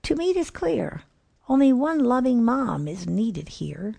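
A jolly, wise old Santa in a storybook rhyme, chuckling and knowing, rather than booming, as a woman reader plays him. The voice is gravelly and unhurried, drawn out slowly. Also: big pitch swings, mellow, exaggerated voice. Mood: gentle. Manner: jovial, knowing.

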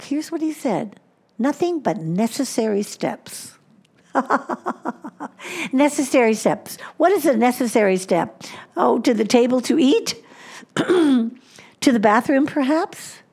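A woman preaching a sermon, slowing down and dropping to a hushed voice on key points. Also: high voice, expressive, slightly rough. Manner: slows down for emphasis, drops to a hushed voice on key points.

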